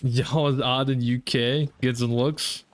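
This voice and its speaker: A young man with a Southern US accent chats casually and rambles to viewers while playing on his gaming livestream. His medium-pitched voice is steady and a little slow, with a faint hiss or hum in the audio.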